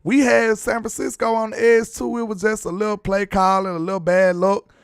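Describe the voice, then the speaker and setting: A man's voice: high-pitched, level tone, a little fast, creaky, smooth, no echo, clean studio sound. Laughing young man talking football. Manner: laid-back, laughs often, dialect slang. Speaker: sports show host. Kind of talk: casual sports chat.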